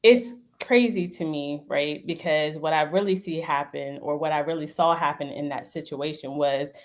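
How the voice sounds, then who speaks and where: A woman's voice: low-pitched, moderate pace. A woman chatting casually as a co-host, thinking aloud as she makes her point. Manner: conversational, thinks out loud. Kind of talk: casual chat.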